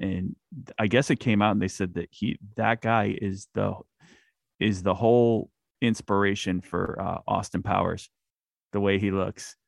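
A man hosting a podcast, chatting casually about a movie in a rambling, animated way with lots of fillers. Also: lowish voice, creaky, dry recording, studio quality. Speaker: podcast host. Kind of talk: casual film chat.

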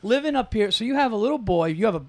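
A man's voice: sits high, animated, rapid-fire. A man hosting a podcast, chatting casually and joking profanely. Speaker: podcast host. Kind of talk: casual chat.

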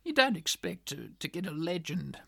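A woman co-hosts a comedy podcast, rambling and stumbling over her words. Her voice has a gravelly edge and a lively pitch, and the sound is dry and close. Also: moderate pace, no echo. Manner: rambling, stammering asides. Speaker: podcast co-host. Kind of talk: comic banter.

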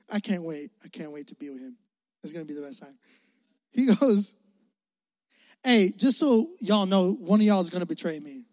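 A youth pastor preaching with a casual, joking manner, calling for responses from the crowd and laughing often. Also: medium pitch. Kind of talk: energetic sermon. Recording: long hall reverb.

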